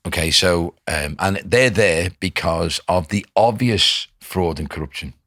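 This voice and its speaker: A man's voice: low voice, measured pace, a bit bright, dry recording, studio quality. A middle-aged man, a guest talking earnestly and emphatically in a casual conversation. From Liverpool. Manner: earnest, emphatic, restarts phrases.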